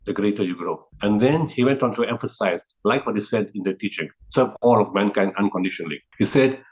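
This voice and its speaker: Low-voiced earnest man telling a story. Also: very fast, few pauses, poor audio. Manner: earnest, steady, frequent restarts and repeated words. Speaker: guest, humanitarian relief founder.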